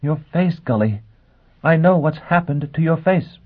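Female role, young, icy and scornful, quiet deliberate delivery, male reader puts her on, phone-line tone. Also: a little high, expressive, voice pushed up. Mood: hysterical. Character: tense, scornful young woman, icy then hysterical. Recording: tinny phone-like sound.

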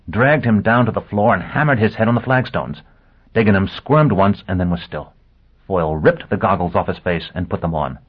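Low raspy guy narrating an audiobook, steady, tinny phone-like audio. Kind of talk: scripted narration.

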